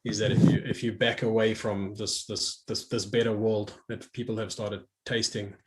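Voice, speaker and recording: A man's voice: fairly low pitch, little pitch movement, normal speed. A middle-aged man talking reflectively as a guest, often restarting his phrases and laughing easily. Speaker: guest speaker. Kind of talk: conversational online talk.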